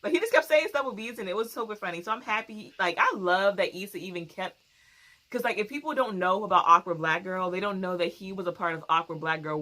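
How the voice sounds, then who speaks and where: A young woman hosting a casual TV recap, animated and quick to laugh as she acts out scenes. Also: on the low side. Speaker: recap show host.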